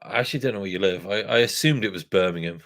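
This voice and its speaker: A man's voice: sits low, rapid-fire, a bit bright. A man hosting a craft beer channel, chatting casually and rambling, correcting himself and chuckling as he goes. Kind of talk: casual rambling chat with viewers.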